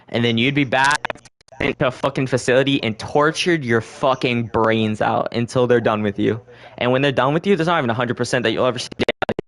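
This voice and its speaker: A man's voice: medium pitch, fairly bright tone. A young man talks loosely through his podcast in an ordinary mid-range voice. He rambles and swears freely. He catches his own slips and corrects them as he goes. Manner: rambling, profane, self-correcting. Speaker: podcast host. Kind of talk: casual conspiracy chat.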